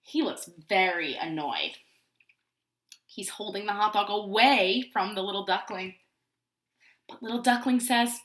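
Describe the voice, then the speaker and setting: A woman teaching preschool, reading a picture book aloud to young children in an animated way and asking them questions. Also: medium pitch, a little slow, pauses often. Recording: roomy echo.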